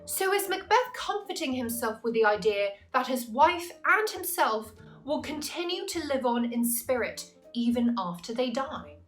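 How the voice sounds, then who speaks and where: A woman tutor giving a scripted, analytical literature lesson, slowing down to stress key terms. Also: a little high. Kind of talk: scripted explanatory narration.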